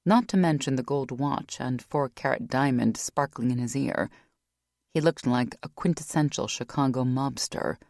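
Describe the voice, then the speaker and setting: A woman narrating an audiobook in a wry, measured storytelling manner. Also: rumbling low, gravelly, darkish tone, no echo, studio quality. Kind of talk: scripted narration.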